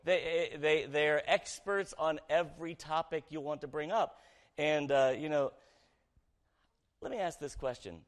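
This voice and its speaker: A man serving as pastor delivers a sermon in a conversational style, putting questions to the congregation and alternating between loud, emphatic lines and quiet ones. His voice is slightly high and his pace measured.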